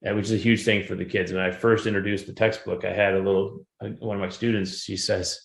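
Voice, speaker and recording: A man's voice: fairly low pitch, quick pace, vocal fry. A man who teaches giving a conversational conference presentation about how his classes use their textbook. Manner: conversational, animated when retelling anecdotes. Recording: roomy echo.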